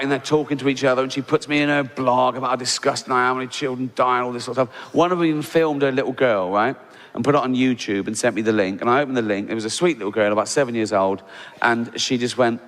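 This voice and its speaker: A middle-aged man with an English accent doing a stand-up comedy routine, telling a story with sarcastic, incredulous mock outrage and squeaky asides. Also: a bit bright, a little hiss or hum. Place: large theatre stage. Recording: live theatre with long reverb and audience.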